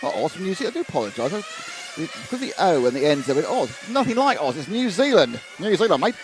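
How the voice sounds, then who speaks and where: A man's voice: on the high side, sing-song, fast. Chatty man commentating trackside. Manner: chatty, rambling, reads viewer comments. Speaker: race commentator. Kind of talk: live commentary. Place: outdoor trackside. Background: engine noise.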